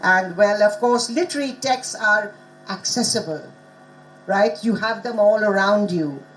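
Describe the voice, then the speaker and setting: A woman's voice: medium pitch, measured pace, slight background noise, rough recording. A middle-aged woman presenting at a conference, teaching in an interactive way and quizzing the audience.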